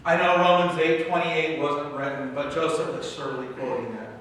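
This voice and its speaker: A man's voice: on the high side, steady tone, moderate pace, fairly bright tone, distant mic, slight background noise. A male pastor preaching a sermon in a church, telling the story dramatically and acting out its scenes. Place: church sanctuary. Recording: echoey church hall, mic from afar.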